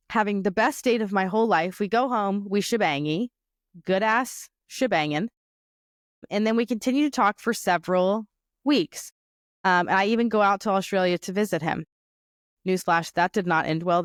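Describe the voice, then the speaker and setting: A woman's voice: medium pitch, smooth, dry recording, clean studio sound. A young woman hosting a podcast, telling a crude comic story in casual chat, a little tipsy from wine. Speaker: podcast host.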